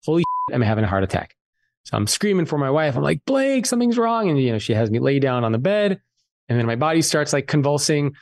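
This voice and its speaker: A man guest on a podcast, telling a personal story in a candid, animated way and swearing freely. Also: mid-range voice, dry recording. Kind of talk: casual storytelling interview.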